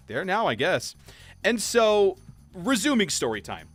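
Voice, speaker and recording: A young man livestreaming, casually telling a story while gaming, acting out quotes in high voices. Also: sing-song, unhurried. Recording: faint game music behind.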